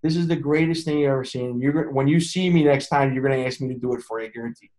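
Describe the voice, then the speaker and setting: A man's voice: mid-range voice, very fast. A man, a pizza chef and consultant, telling stories in a casual interview and acting out the voices of people he quotes. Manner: animated, acts out quoted voices.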